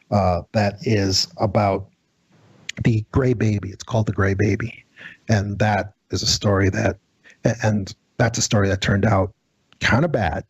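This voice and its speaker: A man with a low, husky voice tells an eerie story as a radio guest. His telling is halting and dramatic. The sound is dry and close. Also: darkish tone, dry recording, highs cut off. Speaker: guest, former federal agent.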